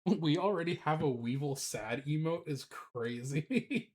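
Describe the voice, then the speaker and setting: A man's voice: fairly high pitch, darkish tone. A man on a live stream, chatting casually with lots of fillers before reading a children's book aloud. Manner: casual, filler-heavy, unhurried, swears.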